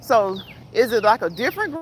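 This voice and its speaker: A woman's voice: fairly high pitch, sing-song, brisk, poor audio. A middle-aged woman on a casual walk-and-talk livestream, rambling to her viewers as she walks down a street, recorded on a phone. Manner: rambling, chatty, talks straight to viewers. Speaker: vlogger reading live chat. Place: outdoors on a street with passing traffic. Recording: clear street noise and traffic.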